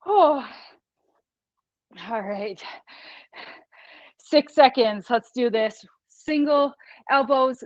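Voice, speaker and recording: A woman instructor with a high voice leads an online workout at a relaxed pace. She counts down reps, cheers the class on and laughs easily. The sound is dry and a little dull, like a streamed call. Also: no room sound. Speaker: fitness instructor. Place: small studio room.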